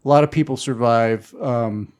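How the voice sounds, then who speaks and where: A man talking loosely on a podcast, wandering through a film plot with plenty of fillers. His voice sits at an ordinary middle pitch. The chat is casual and unhurried. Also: a little mellow, clean tone. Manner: rambling, loose retelling with fillers. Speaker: podcast host.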